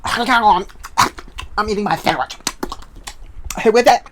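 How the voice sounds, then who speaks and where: Bored office coordinator, dismissive and distracted, high and airy, a man doing the voice, noisy hiss behind. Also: unhurried.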